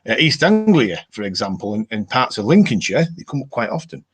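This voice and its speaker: This live stream host from northern England has a lowish, slightly rough voice with a sing-song lilt, and he talks fairly quickly. He reads out comments from viewers and chats in a rambling manner, using plenty of fillers.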